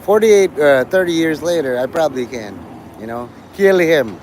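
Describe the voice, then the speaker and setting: Rambling man in his forties, slightly high voice. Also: animated, moderate pace, darkish tone, slight background noise, rough recording. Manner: meandering, trailing off and restarting. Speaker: livestream host. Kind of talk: rambling livestream monologue.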